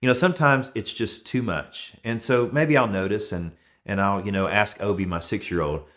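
A man with a fairly low voice preaches to his congregation in an easy, conversational way. He is in his thirties and leans on homely everyday stories to carry his points. His delivery stays relaxed and friendly rather than formal. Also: moderate pace. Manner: relaxed storytelling with everyday examples. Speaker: pastor. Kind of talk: conversational sermon.

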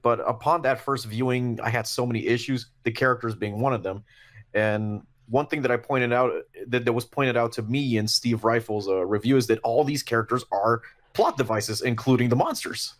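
A man with a mid-range voice lays out his opinions as a podcast guest. He talks in a measured, thoughtful way, with a few restarts. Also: medium pitch. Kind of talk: casual review chat.

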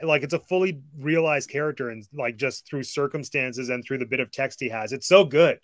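A man's voice: medium pitch, brisk, a bit bright, no echo. Enthusiastic man hosting a casual chat. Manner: enthusiastic, gushing. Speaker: host. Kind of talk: casual discussion.

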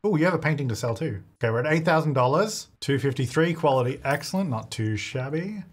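A man's voice: on the high side, animated, fast talker, breathy edge. A young man giving casual, joking commentary as he plays a life-sim game and talks to its characters. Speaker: gaming YouTuber.

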